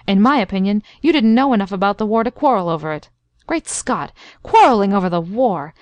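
A woman voicing a blustering older Southern major in a storybook reading, with brisk, exclamatory speech. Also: mid-range voice, animated, darkish tone, no echo, dull audio, natural voice. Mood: scolding.

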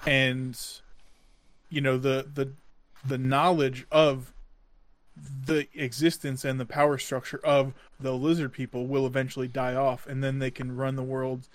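A man co-hosting a podcast in casual chat, joking in a mock-serious, deadpan way. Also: medium pitch, measured pace, no echo. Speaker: podcast co-host.

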